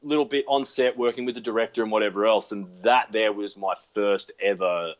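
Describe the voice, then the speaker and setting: A man's voice: lowish voice, steady tone, fairly quick. An Australian man, an actor guest, casually telling self-deprecating stories over a video call from home. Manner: laid-back, self-deprecating storyteller. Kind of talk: casual chat.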